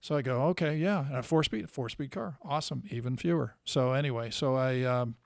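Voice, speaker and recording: A man's voice: mid-range voice, fairly quick, vocal fry, no echo, studio quality. A man casually telling a long, rambling car story, full of fillers and restarts. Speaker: co-host telling car stories.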